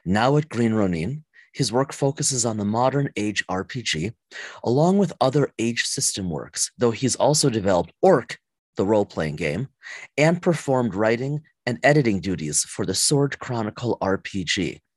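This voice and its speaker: A man's voice: on the low side, very animated, moderate pace, slightly rough, dry recording. A man reads a scripted guest introduction aloud in an announcer-like delivery. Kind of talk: scripted bio read.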